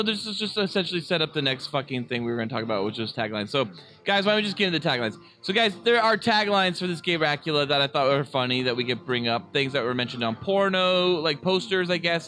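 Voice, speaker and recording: Bright, rather high-voiced podcast host. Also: male voice, expressive, fast, soft background music. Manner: loose, swearing, laughing easily. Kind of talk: casual chat.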